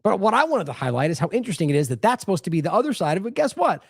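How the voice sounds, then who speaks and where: Male news commentator, sarcastic and mocking, high expressive voice, dry close mic. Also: rapid-fire, husky, dry recording. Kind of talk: opinionated commentary.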